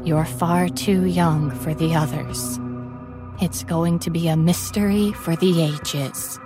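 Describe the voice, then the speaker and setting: Cruel, gleeful inhuman entity, taunting and slow; a woman narrator puts her on for a horror podcast. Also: fairly low pitch, fairly even intonation, music in the background. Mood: smug. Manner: taunting, sing-song mockery.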